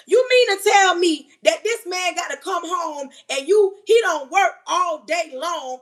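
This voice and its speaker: A woman in her forties talks straight to her live viewers with a high, bright-pitched voice. She preaches her advice emphatically and keeps calling her listeners "baby." It is a casual, heartfelt, sermon-like chat. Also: a little slow, few pauses. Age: 40s. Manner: talks while doing kitchen chores. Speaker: livestream host.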